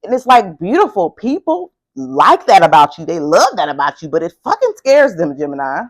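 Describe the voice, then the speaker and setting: A woman giving a casual tarot reading who talks in an excitable, emphatic way and swears a lot. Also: fairly low pitch, moderate pace. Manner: excitable, emphatic and heavily profane. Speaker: tarot reader.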